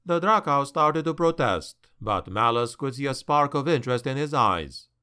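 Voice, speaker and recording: A man narrating a dark fantasy audiobook in a slow, deliberate, dramatic manner. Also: mid-range voice, lively intonation, clean tone.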